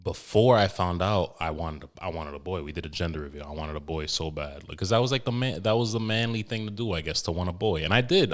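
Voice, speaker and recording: Brief: young male podcast host, low voice, profane, emotional, rambling with restarts. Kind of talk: casual podcast monologue.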